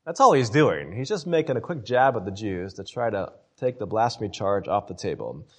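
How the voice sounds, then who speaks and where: A man's voice: lowish voice, very animated, fairly quick. A man teaching a Bible study lecture in a conversational way, often checking in with listeners by asking "right?" and repeating his points to explain them.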